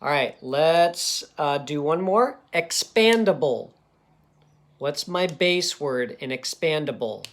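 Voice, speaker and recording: A man's voice: on the high side, lively intonation, slow. A man teaching a children's phonics lesson, patiently sounding out words syllable by syllable.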